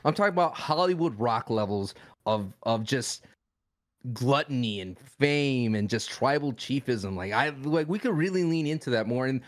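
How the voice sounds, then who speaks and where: A man co-hosting a wrestling podcast, animated and playful, often repeating his points. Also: medium pitch, moderate pace. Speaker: podcast co-host. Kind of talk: casual wrestling podcast chat.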